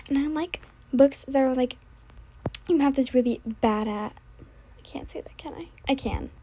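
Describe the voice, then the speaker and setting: A young woman in casual, scattered chat, often trailing off, restarting and dropping to soft asides. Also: sits high, fairly quick. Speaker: book vlogger. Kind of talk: casual rambling chat while gaming.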